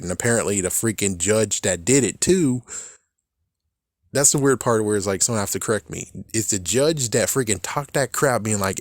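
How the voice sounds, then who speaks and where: A man giving a casual, profanity-laced recap of a TV series, animated and breaking into laughter now and then. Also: on the low side, no room sound, studio quality. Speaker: show recap vlogger. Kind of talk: casual reaction rant.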